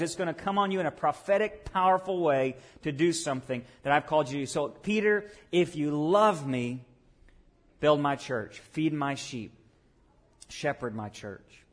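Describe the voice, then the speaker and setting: A man preaching a sermon, moving between hushed, low passages and sudden loud, emphatic rises. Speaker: pastor.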